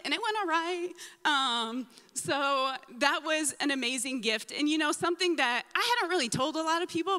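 Bright, high-voiced woman giving church testimony. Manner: animated storyteller, acts out her own reactions and quotes. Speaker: church member sharing a testimony. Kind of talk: mission trip testimony to a congregation. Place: church sanctuary. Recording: long hall reverb in a church.

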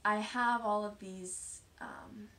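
A woman hosting a knitting podcast, chatting casually as she shows her projects, self-deprecating and often dropping into soft asides. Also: medium pitch, fairly even intonation, takes it slowly. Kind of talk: casual show-and-tell chat.

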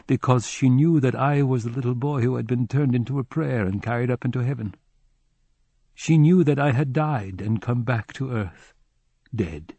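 A man narrating a literary audiobook in a measured, somber first-person reading. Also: mid-range voice, vocal fry, a little mellow, husky, dry recording.

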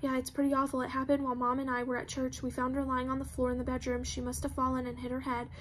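A woman voicing a withdrawn teenage boy who speaks in a flat, distant way. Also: high voice, fast talker, slight background noise, lightly acted.

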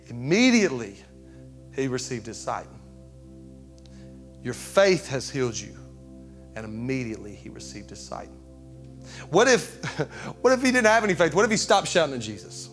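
Male pastor, fervent preacher with a fairly high voice. Big swings between shouting and a hush, faint music bed behind. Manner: impassioned, swinging from shouting to hushed. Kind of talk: sermon.

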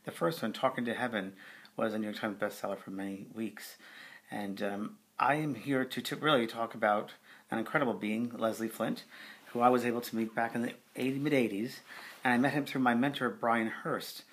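A middle-aged man, a spiritual medium, recounting a memory in a relaxed conversational way with frequent fillers. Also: mid-range voice, brisk. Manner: conversational, with fillers, acting out quoted voices. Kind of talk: video testimonial storytelling.

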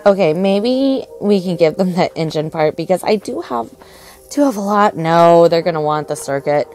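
A young woman narrating her own gameplay in a casual, excitable, easily distracted way, full of fillers and sudden outbursts. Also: fairly low pitch, normal speed. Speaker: gaming channel host. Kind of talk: casual game commentary.

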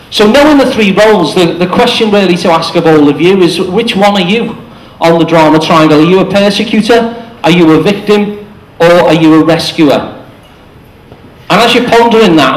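A man gives a short public talk in a chatty, explanatory way. His voice sits fairly high, and he speaks from the front of a cafe venue. The room adds a noticeable echo. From England. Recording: echoey room.

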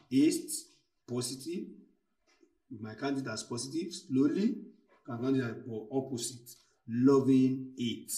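A man teaching a literature lesson, who speaks slowly and repeats key phrases and examples. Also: mid-range voice, a little mellow, distant mic. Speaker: literature tutor. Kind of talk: recorded lesson. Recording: echoey room, voice from afar.

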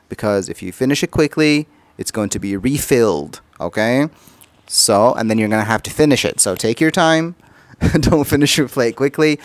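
A man teaching a casual language lesson, explaining phrases slowly and repeating them with an occasional chuckle. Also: mid-range voice.

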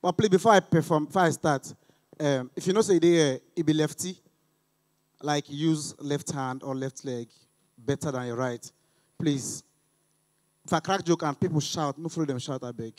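Soft-spoken Nigerian comedian, slightly high. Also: male voice, normal speed. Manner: low-key, begging the crowd in pidgin. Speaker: stand-up comedian. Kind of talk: stand-up comedy set. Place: stage before a live crowd.

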